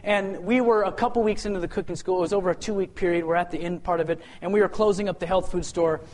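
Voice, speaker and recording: A man sharing a personal testimony as an animated story, acting out the dialogue and often repeating words as he restarts. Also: high-pitched, fast. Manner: acts out the dialogue, voice swings from loud to hushed.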